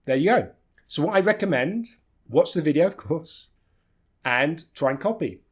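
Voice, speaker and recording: A man giving a pronunciation lesson, modelling phrases slowly and repeating reduced sounds. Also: on the high side, expressive, husky. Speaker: English teacher.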